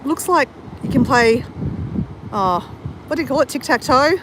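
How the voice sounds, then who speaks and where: A woman's voice: sits high, animated, measured pace. A woman with an Australian accent live-streaming a coastal walk from her phone, chatting eagerly to viewers. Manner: enthusiastic, addresses viewers constantly. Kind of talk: casual live-stream chat. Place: outdoors on a windy coastal walk. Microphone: phone held for live stream. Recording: wind-buffeted phone recording outdoors. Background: wind noise on the mic.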